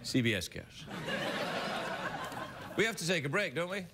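Before a live studio audience whose noise is loud on the recording, a talk show host with a Scottish accent laughs his way through a playful late-night comedy bit full of goofy asides. He speaks at normal speed, his fairly high voice swinging widely in pitch.

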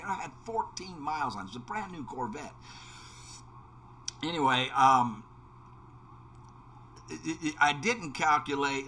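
A man's voice: mid-range voice, fairly bright tone, a little hiss or hum. Rambling man telling a road story. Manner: rambling storyteller with many restarts and fillers. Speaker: let's play host. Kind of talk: casual anecdote told while gaming.

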